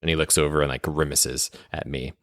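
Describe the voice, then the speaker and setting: A young man playing a tabletop game who complains in character and narrates the scene, often exasperated and whiny, with sudden high squeaks. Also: little pitch movement, a little fast, dry recording, clean studio sound. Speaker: player.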